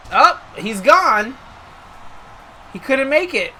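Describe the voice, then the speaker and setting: A woman's voice: sits high, very animated, takes it slowly, sharp tone, a little hiss or hum. A woman streaming a wrestling video game, chatting casually and with amusement as she thinks aloud. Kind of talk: casual gameplay commentary.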